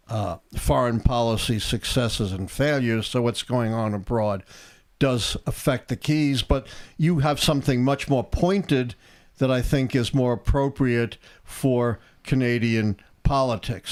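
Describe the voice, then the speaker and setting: An older man, a professor and commentator, explaining politics in a measured, thoughtful way on a casual live stream. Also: medium pitch.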